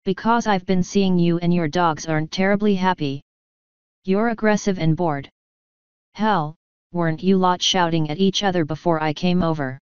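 A woman reading a bold, scheming male prisoner who bargains calmly, in a dull lo-fi recording. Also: lowish voice, normal speed, smooth, dry recording, lightly acted. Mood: bargaining.

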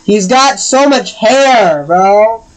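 Slow-talking woman gamer, foul-mouthed. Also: mid-range voice, expressive, slight background noise, rough recording. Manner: swears a lot, scolds her cat in exasperated outbursts. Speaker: gamer streaming with friends. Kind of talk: casual gaming chat.

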